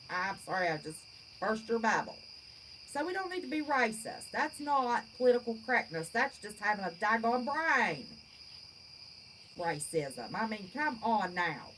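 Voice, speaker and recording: Reading viewer comments on her livestream, this channel host from West Virginia talks bluntly and folksily, never shy about her opinions. She's in her fifties, with a high-pitched, somewhat bright voice. Audio quality is poor and there's a bit of background noise.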